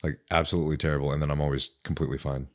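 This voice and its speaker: Very deep-voiced young man hosting. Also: flat delivery, racing. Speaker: podcast host. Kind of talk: casual podcast chat.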